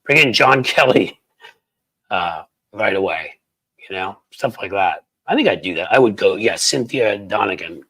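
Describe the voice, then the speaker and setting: A man from the United States hosts a casual political livestream, rambling through viewer comments with angry sarcasm. His voice sits very low and sounds husky. He talks with plenty of fillers and restarts. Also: animated, normal speed, fairly bright tone, low-quality recording.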